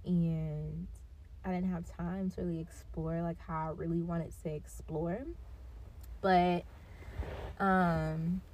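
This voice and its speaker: Laid-back woman in her twenties, slightly low voice. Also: flat delivery, slow pace, long pauses, a little mellow. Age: 20s. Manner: laid-back, rambling, giggly. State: high. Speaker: podcast host. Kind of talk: casual solo podcast chat. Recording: built-in device mic, not the set mic.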